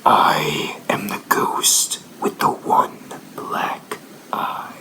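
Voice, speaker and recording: A man voicing a menacing ghost from a basement in a spooky story, in a slow, drawn-out whisper. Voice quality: gravelly whisper. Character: menacing one-eyed basement ghost, creepy.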